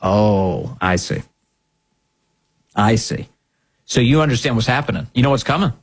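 A husky-voiced man hosting a commentary show, pressing his points with sarcasm and indignation. His pitch swoops up and down in lively leaps as he hammers each line home. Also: unhurried. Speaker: political commentary host. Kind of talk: opinion monologue.

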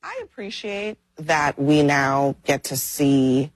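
A woman commentator on a panel, speaking in a measured, deliberate way. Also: low-pitched, lively intonation, no echo.

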